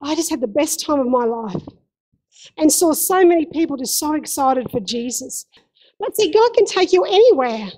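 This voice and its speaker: A woman's voice: high voice, lively intonation, normal speed, warm tone, rough recording. A woman pastor preaching a sermon in a church, impassioned and emphatic, repeating key phrases. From Australia.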